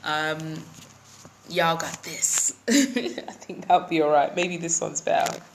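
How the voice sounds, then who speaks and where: A woman's voice: low voice, level tone, a little slow, vocal fry, slight background noise, rough recording. A middle-aged woman hosting a casual live stream from her phone, chatting with viewers and greeting them by name between thoughts, with many ums.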